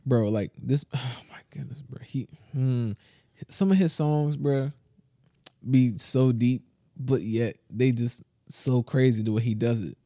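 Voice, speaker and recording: Slangy, animated male podcast storyteller. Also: medium pitch, takes it slowly, no room sound, studio quality. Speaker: podcast co-host. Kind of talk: casual chat. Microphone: close to the mic.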